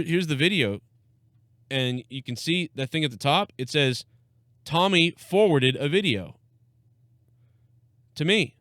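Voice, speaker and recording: A man's voice: mid-range voice, fairly bright tone, smooth, no room sound, studio quality. A man hosting a live podcast stream, ranting casually and with lots of swearing, acting out people he quotes with a raised voice. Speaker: podcast host.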